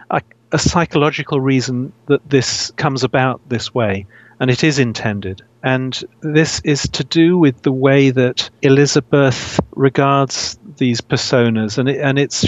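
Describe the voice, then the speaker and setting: A man answers interview questions in a thoughtful, searching way, often restarting his sentences and laughing softly. His voice sits at a middling pitch. The recording sounds dull and lo-fi, with no room echo at all. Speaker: author guest. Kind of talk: casual interview.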